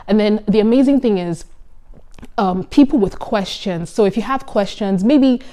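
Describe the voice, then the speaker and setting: A young woman in her twenties, a medical student, chatting casually to camera in an animated, giggly and earnest way. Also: mid-range voice, moderate pace. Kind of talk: casual vlog talk.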